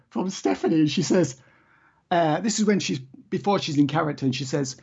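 Wry podcaster, husky and lo-fi. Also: medium pitch, animated, normal speed. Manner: wry, laughs often, opinionated. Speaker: podcast co-host. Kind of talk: casual podcast chat.

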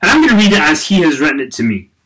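Lively high-voiced man, slow and profane. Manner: profane, slow, drawn-out when reading aloud. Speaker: podcast co-host. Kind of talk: casual chat.

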